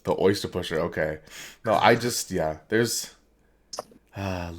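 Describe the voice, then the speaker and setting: A man's voice: low voice, a little slow. A man co-hosting a casual podcast, telling rambling stories and laughing often. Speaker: podcast co-host. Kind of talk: casual chat.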